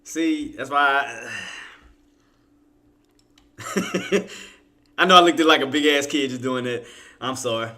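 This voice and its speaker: A man streaming live day-trading commentary, talking casually with slang, laughing and teasing his viewers, then dropping to a low mutter while he places orders. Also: takes it slowly, pauses often, bright, forceful tone.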